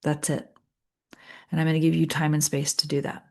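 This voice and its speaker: Low-voiced middle-aged lady coaching thru steps, calm and earnest, lots of little pauses. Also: creaky. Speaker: leadership coach. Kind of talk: guided coaching session.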